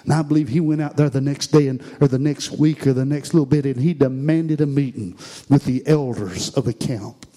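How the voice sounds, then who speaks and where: A man's voice: mid-range voice, fairly quick, dark tone. A man preaching a sermon, telling the story dramatically and repeating fervent exclamations.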